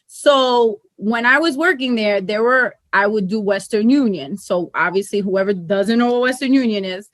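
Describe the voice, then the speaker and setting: A young woman, co-hosting a podcast and telling stories in an animated, profane way with frequent laughter. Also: medium pitch, normal speed, few pauses, no room sound. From New York. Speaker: podcast co-host. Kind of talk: casual chat, storytelling.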